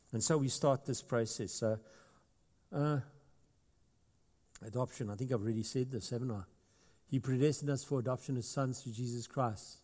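A man's voice: medium pitch, mellow. Man, South African accent, pastor's sermon, chatty then emphatic, long hall reverb. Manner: conversational preaching, rising to emphatic passages.

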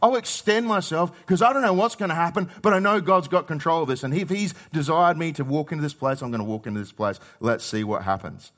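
Australian pastor preaching, voice slightly high. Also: male voice, fast, few pauses. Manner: conversational, swings between loud emphasis and quiet asides. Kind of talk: sermon.

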